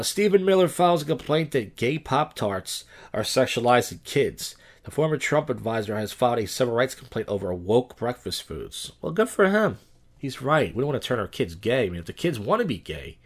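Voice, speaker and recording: A man hosting a loose comedy podcast at a middling pitch. He rambles through odd news headlines, tosses off deadpan jokes and stumbles over words with plenty of fillers. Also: moderate pace. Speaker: podcast host. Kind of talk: casual comedic news rundown.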